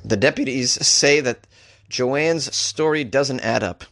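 A man's voice: medium pitch, takes it slowly, fairly bright tone. A man hosts a comedy podcast, reading strange news items and riffing on them with sarcasm. He laughs at his own jokes as he talks into a microphone. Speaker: podcast host. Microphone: studio microphone.

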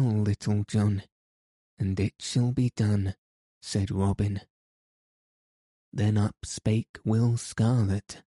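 A man reading a classic adventure tale aloud in a slow, measured, even storybook narration. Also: lowish voice, dry recording. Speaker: audiobook narrator.

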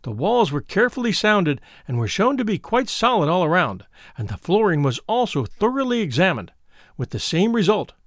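A man reading the part of a frightened young woman who recounts her twin sister's death, in an earnest, measured storybook telling. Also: high-pitched, sing-song, no room sound, clean studio sound. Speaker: audiobook reader.

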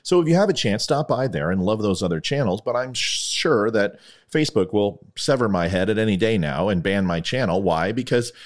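A man's voice: fairly low pitch, animated, normal speed. A man hosting his own podcast, rambling through a comic story and plugs with self-mocking jokes. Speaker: podcast host. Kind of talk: casual comedic monologue.

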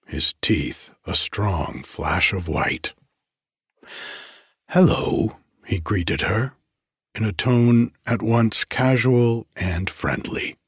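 A man narrating an audiobook in a measured, expressive storytelling manner. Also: lowish voice, husky, dry recording, studio quality.

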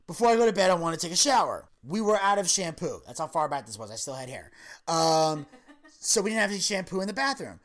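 A woman in her thirties chatting on a podcast, telling stories in an animated, profane way with sudden high, loud outbursts. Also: quick pace. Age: 30s. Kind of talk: casual chat, storytelling.

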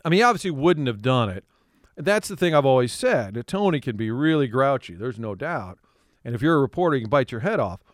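Male radio guest, animated storyteller, smooth clean voice on a studio mic. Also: medium pitch, no echo. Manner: animated, laughs often, slips into impressions.

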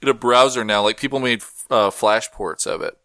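A man's voice: medium pitch, fairly even intonation, bright, forceful tone, dry recording. A man co-hosting a casual podcast, joking around and riffing playfully. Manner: playful, jokey, swearing, quick riffs. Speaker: co-host.

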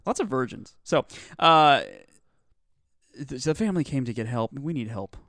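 A man's voice: mid-range voice, expressive, normal speed, a bit bright, no echo, studio quality. A man co-hosting a casual comedy podcast, rambling and joking with lots of fillers and restarts. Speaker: podcast co-host.

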